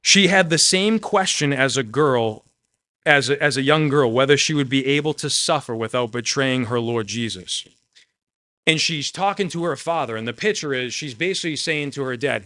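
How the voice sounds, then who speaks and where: A man preaching a sermon with earnest, emotional delivery, swinging between raised storytelling and quiet emphasis. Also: mid-range voice, lively intonation, moderate pace. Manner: earnest, emotional, tearful at moments.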